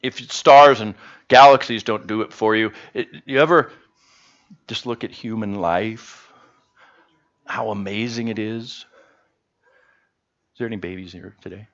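A man's voice: lowish voice, measured pace, long pauses, dull audio. A man preaching a sermon to his congregation in a casual, conversational way, joking with them as he goes. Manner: humorous, conversational, animated. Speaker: pastor. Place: church service.

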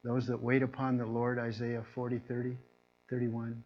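Man preaching casually, mid-range voice, slips into animated voices for people in his stories; slightly muffled recording. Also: medium pitch, moderate pace. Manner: storytelling, acts out people's lines in a raised, animated voice. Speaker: pastor. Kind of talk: conversational sermon.

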